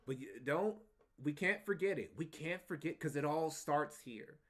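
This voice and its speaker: A man's voice: fairly high pitch, normal speed, fairly bright tone. A man streaming live, giving casual, profane, mocking commentary and repeating points for emphasis. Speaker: streamer reacting to clips.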